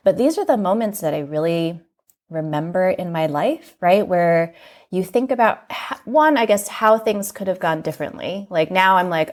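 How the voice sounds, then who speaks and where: Low-voiced american woman, podcast guest, earnest, lots of "like". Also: normal speed, a little mellow. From United States. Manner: earnest and reflective, peppered with "like". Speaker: magazine editor, podcast guest. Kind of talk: candid personal storytelling in an interview.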